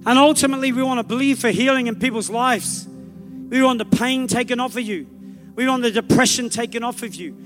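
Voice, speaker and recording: A man with an Australian accent preaching a revival sermon in church, telling stories fast and rising to shouted calls, with soft music behind. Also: extremely high pitch. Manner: fervent, rapid storytelling building to shouted calls. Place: church meeting.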